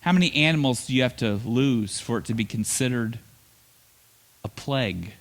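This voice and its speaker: A man preaching a sermon as pastor, telling the story with playful asides and quick acted lines. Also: mid-range voice.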